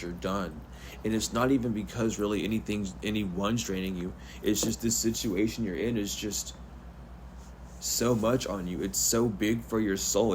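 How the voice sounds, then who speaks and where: A man's voice: on the low side, darkish tone, slight background noise. A man giving an earnest, rambling spiritual pep talk, speaking straight to the viewer in a soothing, repetitive way. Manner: earnest, rambling, repeats himself. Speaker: spiritual reader.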